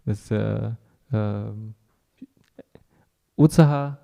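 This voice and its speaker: A man speaks in a very dark, mellow voice. His talk to a temple class is loose and conversational. He laughs often and acts out his encounters with strangers. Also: on the low side, very slow, creaky. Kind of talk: informal talk.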